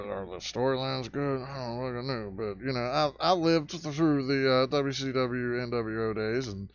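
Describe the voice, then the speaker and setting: A man rants crudely and sarcastically in a high voice with a gravelly, fried edge. The sound is dry and dull, like a lo-fi recording. His delivery is fired up and full of mockery. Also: dry recording. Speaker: vlog host ranting. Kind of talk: profane rant vlog.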